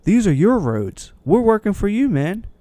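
A man's voice: sits high, sing-song, normal speed, mellow, no room sound, voice pushed up. A man voicing a friendly male road-crew flagger who reassures a driver in a raised, emphatic voice. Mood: reassuring.

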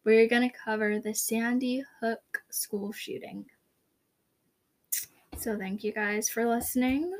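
A woman's voice: a little high, fairly even intonation, slow pace, pauses often, darkish tone. Rambling young woman podcast host. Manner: rambling, self-conscious, giggly. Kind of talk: casual podcast outro.

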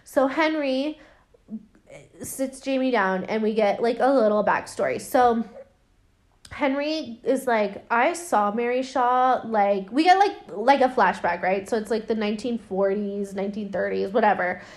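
A woman's voice: a little high, a little slow, darkish tone. A young woman podcast host recapping a film in casual, sarcastic, profane chat, full of fillers.

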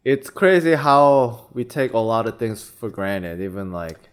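A man co-hosting a casual podcast, listening supportively and making slow, reflective remarks. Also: mid-range voice, expressive, clear, resonant tone. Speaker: podcast co-host. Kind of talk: casual chat.

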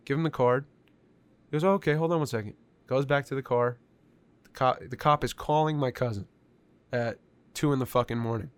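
A man telling a story in casual conversation, animated and profane, with lots of filler words. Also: mid-range voice, moderate pace, pauses often, clear, resonant tone, dry recording.

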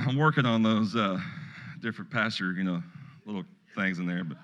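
This middle-aged male preacher speaks at a moderate pace, his voice low-ish yet a bit bright, in a homespun, talky style with storytelling digressions. The audio is muffled and carries a long hall reverb.

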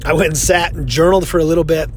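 A man in his thirties hosting a solo podcast as a life coach, talking casually in an earnest, reflective way with pauses and restarts. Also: fairly high pitch, fairly even intonation, a little hiss or hum.

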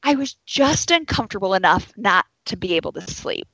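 A young woman who works as a labor and delivery nurse tells a personal story, slipping into the voices of the people in it. Her voice sits at a mid pitch. The sound is dry and close, slightly dull and lo-fi. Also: fairly quick, dry recording. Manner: animated, acts out quoted voices. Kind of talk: storytelling to an audience.

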